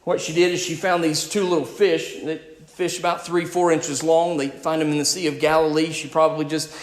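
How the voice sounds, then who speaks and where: A male pastor preaching a sermon. He is emphatic, swings between loud and quiet, and speaks directly to his congregation. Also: a little high, flat delivery, normal speed, echoey room.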